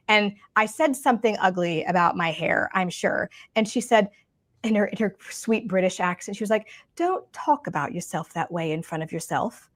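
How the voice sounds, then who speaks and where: A woman's voice: mid-range voice, no echo, studio quality. A woman, co-hosting a casual podcast about curly hair, chatty and full of asides. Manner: chatty, warm-hearted, lots of fillers and asides.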